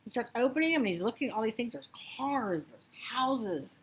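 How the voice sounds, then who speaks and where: A woman abundance coach giving a motivational spiritual talk, chatty and animated, telling stories with asides. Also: fairly high pitch, brisk, slight background noise.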